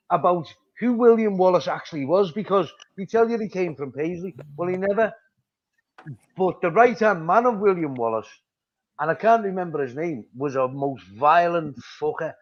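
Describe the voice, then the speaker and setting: A middle-aged man with a Liverpool accent, hosting a live chat and talking bluntly, with plenty of swearing and repetition. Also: high voice. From Liverpool, England. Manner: blunt, sweary, repeats himself. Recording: dull lo-fi stream audio.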